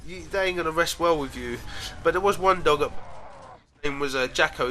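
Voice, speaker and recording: A man's voice: medium pitch, moderate pace, sharp tone, slight background noise. A man casually telling rambling stories to camera, laughing often and trailing off mid-sentence. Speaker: vlogger. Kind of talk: casual storytelling.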